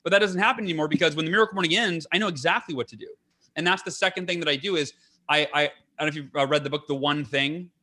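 A man's voice: on the high side, rapid-fire, sharp tone. A man being interviewed as a guest on a podcast, talking in an earnest, enthusiastic way and often restarting his sentences. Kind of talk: casual interview talk.

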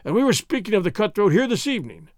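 A man's voice: high-pitched, very animated, quick pace, dry recording, studio quality, voice pushed up. A man voicing a big, hot-tempered army sergeant who blusters and stammers. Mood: blustering.

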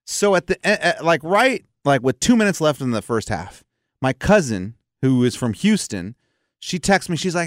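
Animated man telling stories. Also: fairly high pitch, moderate pace, dry recording, studio quality. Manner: acts out quotes with big vocal jumps. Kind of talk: casual chat, animated storytelling.

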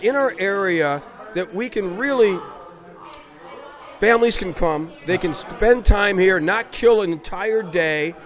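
Middle-aged coach, high-pitched, animated storyteller who punches key words. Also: male voice. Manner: animated storyteller, raises voice for emphasis. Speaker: basketball coach, guest. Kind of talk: casual interview conversation.

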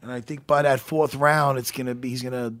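A man hosting a casual talk show, animated and jokey, swearing freely. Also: mid-range voice, fairly quick. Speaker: podcast host. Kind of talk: casual chat.

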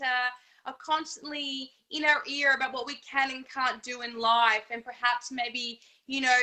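A woman's voice: sits high, pushed and bright. A woman co-hosting a casual live chat, agreeable and chiming in. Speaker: co-host.

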